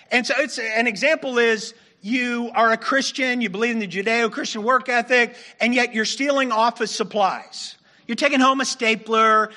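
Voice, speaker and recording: High, bright-voiced male pastor preaching. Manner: conversational, self-deprecating, laughs while preaching. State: losing his voice. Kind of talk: sermon.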